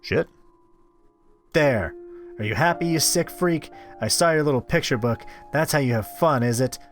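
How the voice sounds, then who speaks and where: A man reading a visual novel aloud as a game host, expressive with wry asides. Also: mid-range voice, normal speed, faint music behind. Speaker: let's-play host.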